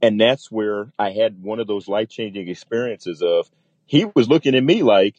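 A man's voice: on the low side, moderate pace, a little mellow, no echo, muffled recording. A man, a military pilot, telling a story in a casual interview and acting out the voices of the people in it.

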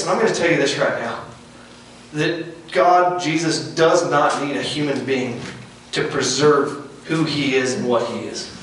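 A man preaching an earnest, folksy sermon outdoors, repeating phrases and dropping to hushed tones. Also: on the high side, a little hiss or hum. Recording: echoey and distant outdoors.

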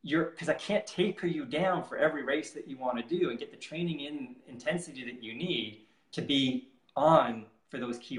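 A man's voice: mid-range voice, fairly bright tone, slight background noise. A man who works as a triathlon performance coach, talking casually and with energy in an interview and laughing easily. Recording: roomy echo.

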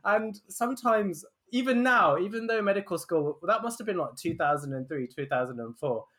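Casual co-host in his thirties, slightly higher voice, breaks into laughter mid-story. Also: animated, moderate pace, a bit bright. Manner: laughs often while telling stories. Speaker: podcast co-host. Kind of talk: casual chat.

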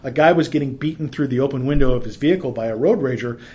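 This middle-aged man talks fast at a medium pitch, his tone dark. He hands out practical advice casually, mixing in anecdotes, restarting sentences and leaning on fillers.

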